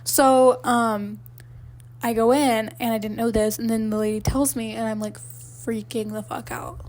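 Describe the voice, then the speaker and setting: A young woman co-hosting a podcast, speaking in a slightly high voice. She rambles through a personal story in casual chat, leaning on fillers and laughing along the way. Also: little pitch movement, a little slow, a little mellow. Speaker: podcast co-host.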